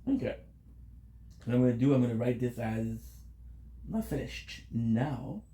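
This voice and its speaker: A man's voice: mid-range voice, animated, a little slow, mellow, roomy sound. Tired, rambling man streaming a game. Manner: rambling, chatty, reads out and answers chat. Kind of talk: casual live-stream chat with viewers.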